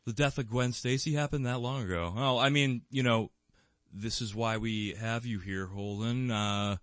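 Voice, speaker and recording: A man's voice: mid-range voice, steady tone, normal speed, a bit bright, no echo. A man co-hosting a podcast in casual fan chat, rambling with lots of fillers and restarts, with bursts of enthusiasm. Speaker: podcast co-host.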